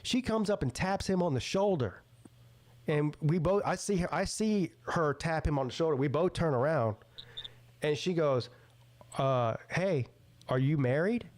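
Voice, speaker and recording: A man's voice: fairly high pitch, normal speed. A middle-aged man, hosting a casual podcast and telling a story with acted-out quotes and frequent laughter. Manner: animated storyteller, acts out quotes, laughs often. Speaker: podcast host.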